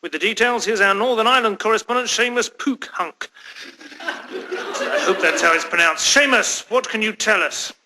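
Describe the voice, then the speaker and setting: An actor playing a pompous, sardonic newsreader in a radio news spoof. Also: male voice, sits high, animated, moderate pace, sharp tone, a little hiss or hum, full character voice. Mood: smug. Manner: pompous, sardonic, self-satisfied delivery. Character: pompous, inattentive male news anchor Richard Richard.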